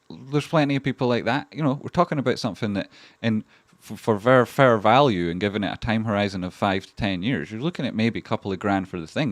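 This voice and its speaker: A Scottish man with a lowish voice hosts a casual livestream, chatting about charts in a rambling way and swearing heavily. The recording has no room sound.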